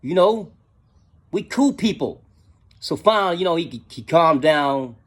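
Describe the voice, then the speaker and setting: Middle-aged guy spinning a yarn, slangy, high husky voice, always going "you know what i'm saying". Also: animated, a little slow. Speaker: storyteller. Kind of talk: casual storytelling.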